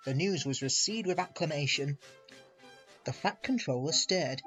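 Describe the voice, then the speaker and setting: A man reading a children's railway storybook aloud in a measured, expressive way. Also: fairly high pitch, soft background music. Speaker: reader. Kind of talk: storybook narration.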